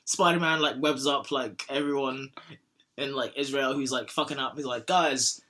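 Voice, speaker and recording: A man's voice: medium pitch, steady tone, moderate pace, bright, forceful tone. A young man hosting a casual podcast, rambling and joking, now and then sliding into silly put-on voices. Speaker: podcast host.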